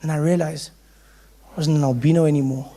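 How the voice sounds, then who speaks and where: A man, telling a stand-up story in an animated way. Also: fairly high pitch, brisk, a little hiss or hum. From South Africa. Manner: animated, slipping into voices of the people in his story. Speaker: stand-up comedian.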